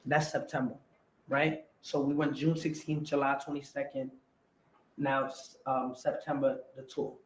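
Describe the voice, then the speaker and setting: A man telling a story as an interview guest, animated and stumbling over repeated words. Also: medium pitch, a little slow. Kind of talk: casual storytelling. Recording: roomy echo, faint background noise.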